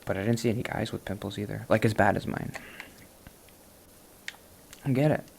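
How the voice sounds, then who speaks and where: A man with a low, gravelly voice talks in a casual, rambling way. He is self-deprecating and soft-spoken. A faint hiss sits under the recording. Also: normal speed. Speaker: gaming vlogger.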